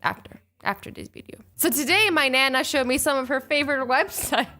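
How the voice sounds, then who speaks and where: A young woman hosting a casual reaction video, expressive and playful, slipping into quick voices for the people she reads about. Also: high voice, soft background music. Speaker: YouTube reaction host.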